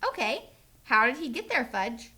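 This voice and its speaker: A woman's voice: high-pitched, big pitch swings, normal speed, bright, forceful tone, slightly rough, heavily acted. A woman voicing an upset boy of about nine who pleads and protests, read from a children's storybook. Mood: indignant. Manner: pleading, indignant.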